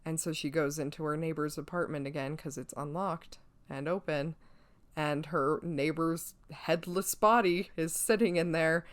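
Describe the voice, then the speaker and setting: A woman co-hosting a podcast, retelling a film's plot in a chatty, lively way. Her voice is noticeably low for a woman, and she leans on "like" and "you know" as she goes. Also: moderate pace. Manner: chatty, lively storytelling with frequent "like". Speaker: podcast co-host. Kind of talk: casual movie review chat.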